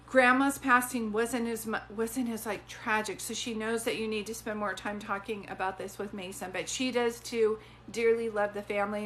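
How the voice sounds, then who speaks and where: A woman doing a live-stream psychic reading, chatty and rambling, offering warm reassurance. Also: mid-range voice, a little hiss or hum. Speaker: psychic medium.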